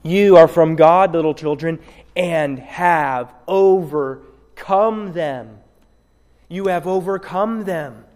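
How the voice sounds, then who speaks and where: A fairly high-voiced man preaches an expository sermon from the pulpit. He drives his points home by repeating key words, pausing between them for weight. His voice rings out with a long reverb, as in a church hall. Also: darkish tone. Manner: emphatic, repeats key words with dramatic pauses. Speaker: pastor.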